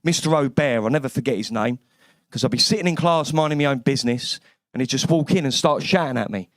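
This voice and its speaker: A man's voice: medium pitch, quick pace, no room sound. A man from East London with a London accent, doing a brash, cheeky stand-up comedy set on a club stage with lots of swearing.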